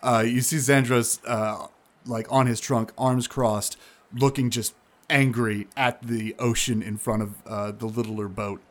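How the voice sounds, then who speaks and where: Casual game master. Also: male voice, medium pitch, steady tone. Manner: casual, halting with fillers. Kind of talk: narrating a tabletop game.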